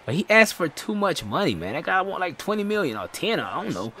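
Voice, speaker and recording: Excitable man calling a basketball game. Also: high-pitched, brisk. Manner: excitable, slangy, heckling his own players. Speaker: gaming channel host. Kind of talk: casual play-by-play commentary over a basketball video game.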